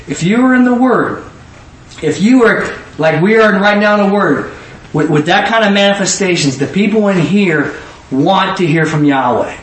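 A man preaching a sermon in a church hall, animated, sometimes rising to a shout and acting out both sides of conversations. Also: sits high, moderate pace. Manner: animated, rising to shouts, quoting people in dialogue. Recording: echoey room from far off, faint noise.

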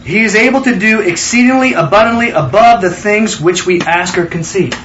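A man leading a Bible study, excitable and emphatic, prompting his listeners to answer and repeat after him. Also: high-pitched, brisk, echoey room, lo-fi sound, slight background noise. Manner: excitable, emphatic, calls for responses.

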